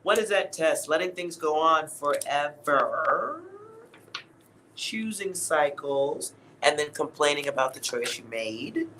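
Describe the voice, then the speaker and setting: A man's voice: fairly high pitch, lively intonation, slow, sharp tone, a little hiss or hum, low-quality recording. A man giving a casual, blunt tarot reading to his viewers, laughing at himself and swearing now and then. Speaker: tarot reader.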